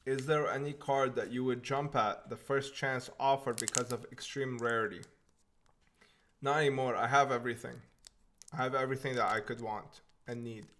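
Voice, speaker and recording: A young man hosts a relaxed live question-and-answer stream, reading viewer questions aloud and answering off the cuff. His voice sits at an average pitch, and he talks in an easygoing, offhand way, often tossing in "man" at the end of a line. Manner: laid-back and offhand, often says "man". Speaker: livestream host.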